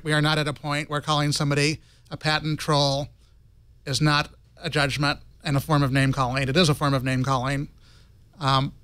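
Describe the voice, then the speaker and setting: A man speaking as a guest on a tech panel, giving a calm, reasoned opinion. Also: fairly high pitch, clear, resonant tone, no echo. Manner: calm, reasoned, even delivery. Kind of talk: measured opinion on a talk panel.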